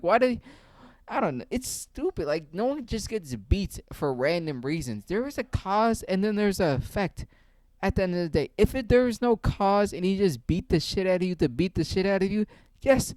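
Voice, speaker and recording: A man's voice: sits high, sing-song, moderate pace, a little mellow, no room sound. A young man giving ranting commentary, profane and heated, firing off rhetorical questions. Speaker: online commentator.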